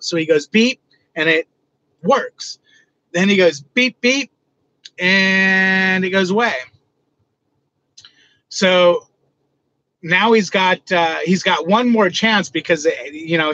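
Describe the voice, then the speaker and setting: Dude livestreaming from his truck, loose and jokey, bright kinda high voice, dull lo-fi audio. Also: unhurried, long pauses, dry recording. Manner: loose, joking, talks back to chat. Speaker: livestream host. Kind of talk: casual live chat.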